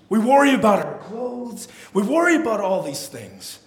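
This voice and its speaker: A young man preaching a sermon to a live audience, animated and playful, acting out little scenes. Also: high-pitched, normal speed, few pauses, reverberant. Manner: animated, playful, acts out quotes with voices. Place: hall or church with an audience.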